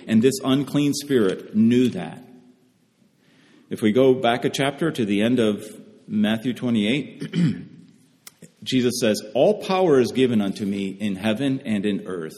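A man's voice: on the low side, darkish tone. A man preaching a sermon in an earnest way, often repeating phrases for emphasis. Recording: long hall reverb.

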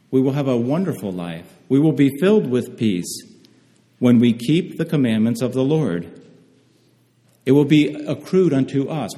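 A man preaching a sermon, reading scripture slowly and measuredly, often pausing and restarting phrases. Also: medium pitch, warm tone. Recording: reverberant hall.

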